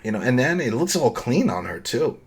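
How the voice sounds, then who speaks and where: A man's voice: mid-range voice, very animated, brisk, noisy background. A man co-hosting a podcast, recapping a TV episode in casual chat, rambling and acting out the characters' lines. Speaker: podcast co-host.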